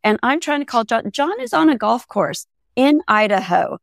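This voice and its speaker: A woman's voice: fairly high pitch, big pitch swings, moderate pace, vocal fry, no echo, clean studio sound. A middle-aged woman from California, a guest on an interview show, who tells stories in a casual way and laughs often. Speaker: guest, auctioneer.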